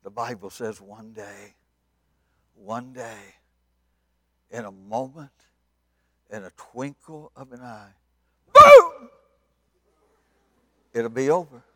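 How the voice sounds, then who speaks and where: A man preaching at a revival, telling the story dramatically and swinging from loud to hushed. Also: mid-range voice, slow pace, long pauses, no room sound. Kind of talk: sermon.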